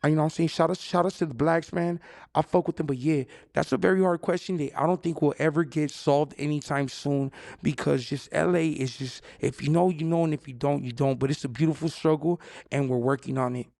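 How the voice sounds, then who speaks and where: A man's voice: on the high side, fairly even intonation, fairly quick, gravelly, a little mellow. A man from the Los Angeles area talking casually in an interview, full of street slang and "you know what I'm saying".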